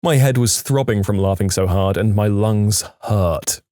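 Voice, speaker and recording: A man reading storytime posts aloud in a scripted narration, lively and expressive. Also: on the low side, measured pace, dry recording, studio quality.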